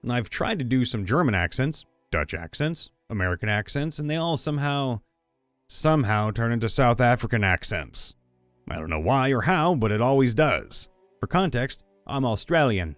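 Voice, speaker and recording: A man narrating viewer stories in a scripted voice-over, reading lively and sometimes slipping into put-on voices. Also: mid-range voice, moderate pace, no echo. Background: faint background music.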